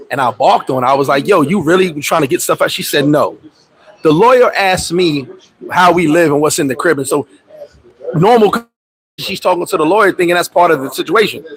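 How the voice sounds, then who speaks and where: Through poor audio, a fairly high-pitched man tells a story on his livestream. A vlogger living abroad in the Dominican Republic, he curses frequently and acts out the others in the story in an animated, profane way.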